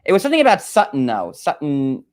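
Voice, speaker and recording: A man's voice: fairly high pitch, huge pitch swings, fast talker, a little mellow. A man hosting a casual chat, rambling with lots of fillers, with a New York area accent. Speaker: host.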